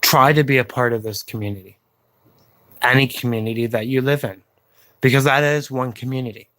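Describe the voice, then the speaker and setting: A man vlogging to his viewers, speaking slowly and earnestly with pauses and fillers, encouraging them to reach out to others. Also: mid-range voice, steady tone, a bit bright, no echo. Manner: slow, halting delivery with pauses and fillers; encouraging, plain-spoken. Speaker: YouTube vlogger. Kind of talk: slow earnest personal appeal to viewers.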